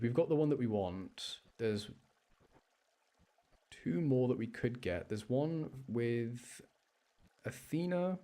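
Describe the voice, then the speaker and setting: A man's voice: mid-range voice, warm tone. A young man chatting casually to his live chat while he plays a game, rambling from thought to thought. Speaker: live streamer.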